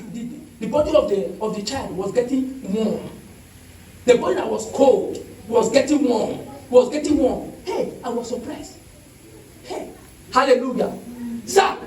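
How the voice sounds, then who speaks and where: A man's voice: very high voice, darkish tone, echoey room, distant mic, a little hiss or hum, poor audio. A man preaching a testimony sermon, telling the story with emphasis and calling out hallelujahs.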